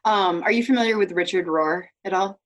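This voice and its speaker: A woman hosting a podcast, talking in an animated, chatty way with lots of "like"s. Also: mid-range voice, a little fast. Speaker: podcast host. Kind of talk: casual conversation.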